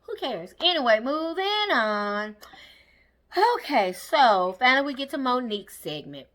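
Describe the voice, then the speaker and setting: A woman speaking AAVE gives a blunt, sassy casual recap of a reality show, acting out the cast in quick quotes. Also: a little high, big pitch swings, fairly bright tone.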